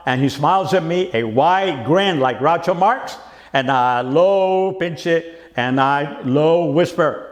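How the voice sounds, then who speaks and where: Guy doing a street-slang poetry monologue, high voice, echoey room. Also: unhurried. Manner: streetwise slang, swift shifts of voice. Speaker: poet performing a monologue. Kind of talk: dramatic spoken-word monologue.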